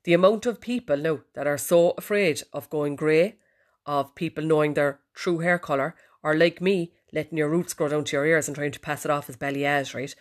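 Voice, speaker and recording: A woman's voice: low voice, normal speed. A woman with an Irish accent hosting a podcast, chatting in a cheeky, sweary way from her bedroom. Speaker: podcast host. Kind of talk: casual chat. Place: bedroom, sitting on the bed.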